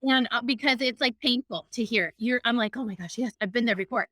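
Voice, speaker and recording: Bright-voiced woman podcast host. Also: fairly high pitch, a little fast, no echo. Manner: empathetic, chatty, laughs easily. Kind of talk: casual podcast chat.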